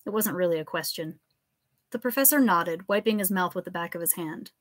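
A woman reading her own absurd comic story aloud in a live reading, telling it with expressive, animated delivery. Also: on the low side, fairly quick, dry recording. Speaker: author and reader.

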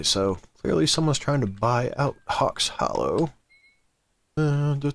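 A man's voice: mid-range voice, animated, slow, creaky, no echo, studio quality. A man hosting a let's play, joking casually and reading out game text. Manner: laid-back, joking. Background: game music.

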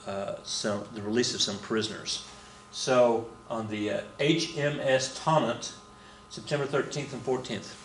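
A man's voice: medium pitch, reverberant, slight background noise. A man teaching a casual history lesson to his students, talking in a rambling, conversational way with many fillers and restarts.

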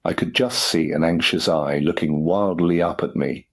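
Deep husky male audiobook narrator. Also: moderate pace. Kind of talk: scripted audiobook narration for English learners.

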